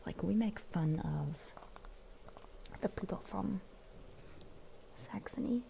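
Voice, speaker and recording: A woman's voice: medium pitch, lively intonation, slow pace, creaky, warm tone, a little hiss or hum. A German woman whose first language is German, hosting a rambling, giggly whispered ASMR chat. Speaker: ASMR host.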